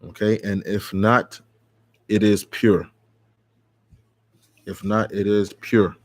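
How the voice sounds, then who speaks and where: A man teaching a classical religious text. He reads short passages aloud, then explains them slowly, with fillers and restarts. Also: fairly low pitch, steady tone, no room sound. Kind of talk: lecture translating a classical text. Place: institute classroom.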